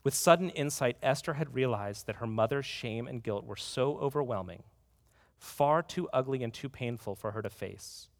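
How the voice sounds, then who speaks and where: A man's voice: medium pitch, normal speed. Earnest male pastor in a reverberant hall. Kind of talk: sermon.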